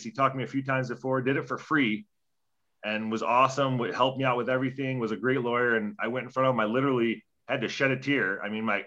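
A young former hockey player tells a rambling, profane story in a casual interview, acting out quoted dialogue. His medium-pitched voice is bright and forceful, and the sound is lo-fi.

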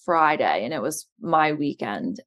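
A woman from New Jersey, a guest in an interview, giving an earnest, steady personal account with a lot of "you know" and "like". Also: sits low, a little slow, dry recording, lo-fi sound. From New Jersey, USA. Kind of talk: candid personal account in conversation.

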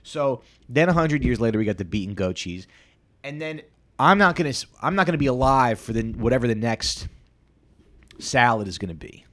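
A man in his thirties hosting a solo podcast, rambling crudely and self-deprecatingly with many halting restarts. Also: medium pitch, animated, fairly bright tone. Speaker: podcast host.

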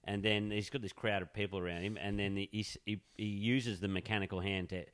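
A young man co-hosting a podcast, telling rambling anecdotes in a relaxed way. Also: fairly low pitch, a little fast, clean tone. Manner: laid-back, rambling anecdotes with fillers and laughter. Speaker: podcast co-host. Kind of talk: casual chat.

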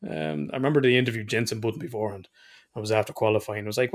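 A man's voice: fairly low pitch, animated, racing. An Irish man telling rambling stories in casual podcast chat and swearing freely. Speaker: podcast co-host.

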